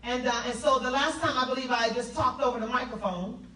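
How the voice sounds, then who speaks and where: Southern woman with a high voice telling her story to a crowd, roomy echo, a bit far from the mic. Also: brisk. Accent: South Carolina Southern. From South Carolina. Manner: animated, laughing, call-and-response with the crowd. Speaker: motivational speaker. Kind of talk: testimony speech to an audience.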